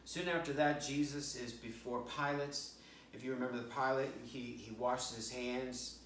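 An American pastor tells a story as a sermon in a church sanctuary, stumbling and repeating words while voicing the characters. His medium-pitched, fairly bright voice holds a steady tone at normal speed. The audio is roomy, with slight background noise and the speaker distant from the mic.

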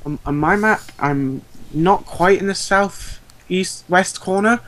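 A man's voice: high-pitched, slow, a bit bright. A young British man with a British English accent co-hosting a game let's play, rambling and swearing in casual chat. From Britain. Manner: rambling, swears, restarts often.

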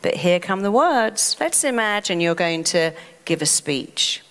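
An English woman, a therapist, giving a motivational talk and acting out the mind's voice in lively asides. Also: medium pitch, measured pace, big-room sound. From England. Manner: animated, acts out the mind talking back. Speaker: therapist and self-help speaker.

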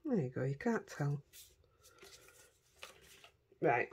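A woman's voice: sits low, very animated, takes it slowly, a little hiss or hum. A middle-aged woman with a Yorkshire accent chatting casually as she crafts, talking to herself and her dogs as she works. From Yorkshire, England. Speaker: craft vlogger.

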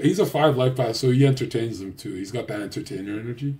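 A man's voice: medium pitch, quick pace, hardly any pauses, a little mellow. A man livestreaming a casual rant, crude and boastful, swearing often and rambling loosely with restarts. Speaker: streamer.

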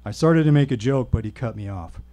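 A man telling a personal story at a live reading, with wry, deadpan humor. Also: medium pitch, a little fast. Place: stage at a live show.

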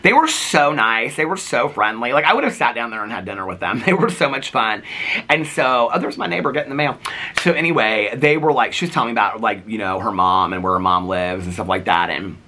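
Chatty male vlogger in his forties: quick, bright delivery, swooping pitch, lots of fillers. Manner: animated, voices people he quotes. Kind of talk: casual storytelling to camera.

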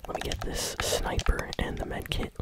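A gaming channel host giving whispered ASMR gameplay commentary, chewing bubblegum while talking, relaxed and unhurried with small hesitations, close to the microphone. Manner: soft whisper throughout.

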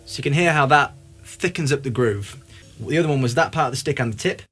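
A man's voice: medium pitch, quick pace, a bit bright, faint music behind. A young man giving a casual, upbeat drum lesson, talking between demonstrations at the kit. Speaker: drum teacher. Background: drum kit playing.

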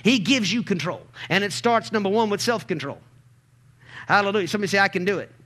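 A man preaching a sermon as pastor, calling out to the congregation and building to emphatic shouts. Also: sits high, fast talker. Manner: call-and-response preaching, swells to emphatic shouts.

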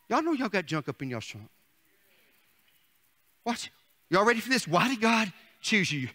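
Middle-aged man as a preacher, sharp and bright, fiery sermon full of questions to the pews. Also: high-pitched. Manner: swings from shouted declarations to soft asides. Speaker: pastor.

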